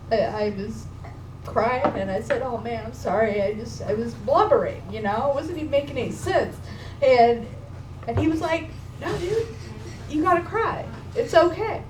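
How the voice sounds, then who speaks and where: High-voiced woman, emotional and casual. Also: moderate pace, darkish tone. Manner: emotional, casual, swears and says dude. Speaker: speaker at a memorial gathering. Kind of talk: personal storytelling to an audience. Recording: echoey room, distant mic, background noise.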